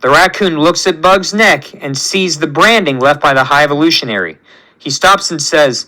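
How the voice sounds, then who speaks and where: A man hosting his channel, reading a fan story aloud with lively narration. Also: fairly high pitch, normal speed, rough recording. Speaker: channel host.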